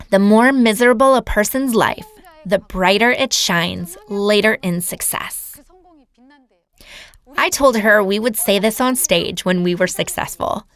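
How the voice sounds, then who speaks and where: A woman's voice: medium pitch, fairly bright tone, dry recording. A woman giving a lecture as an earnest personal testimony, telling her story to a seminar audience. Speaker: seminar speaker.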